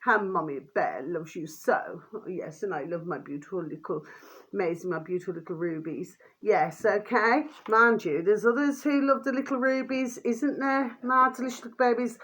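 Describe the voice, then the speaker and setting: A woman's voice: fairly high pitch, normal speed, few pauses, a bit bright, husky. An older woman vlogging in a rambling casual monologue, full of fond pet names, fillers and trailing restarts.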